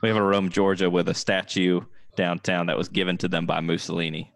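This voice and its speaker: A man's voice: low voice, level tone, a little fast, gravelly. A man in casual chat, joking and laid-back.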